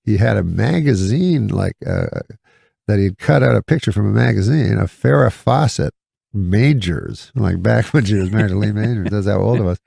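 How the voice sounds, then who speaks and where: A man with a low, very gravelly voice tells a long story in an unhurried, deadpan way. He stumbles and restarts often as he rambles. It sounds close and dry, with no room around him. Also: dry recording. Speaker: comedian guest. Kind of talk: casual storytelling on a podcast.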